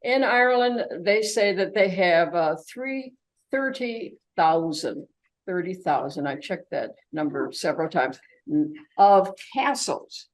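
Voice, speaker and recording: A woman's voice: on the low side, measured pace, rough recording. An older woman giving an informal travel slide talk, chatty and full of fillers and restarts. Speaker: travelogue presenter.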